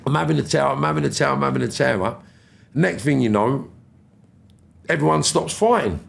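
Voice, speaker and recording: A man in his fifties tells his stories as a podcast guest, with a rough, gravelly edge to his mid-pitched voice. He jumps into other people's voices as he goes and swears without a second thought. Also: brisk. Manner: animated, acts out quoted voices, swears freely. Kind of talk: casual storytelling.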